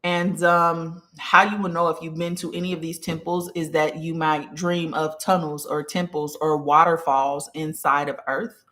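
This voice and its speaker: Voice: mid-range voice, level tone, moderate pace, few pauses, sharp tone. A spiritual teacher hosting a live stream, teaching casually from notes, often asking "okay?" and greeting viewers along the way. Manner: greets viewers mid-lesson. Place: small room with incense and a candle burning.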